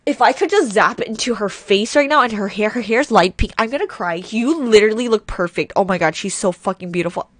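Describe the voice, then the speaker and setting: A woman gushing through casual reaction commentary, excitable, swearing often and saying "oh my god" a lot. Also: mid-range voice, brisk, few pauses, dry recording. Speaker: reaction video creator. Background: faint music video playing.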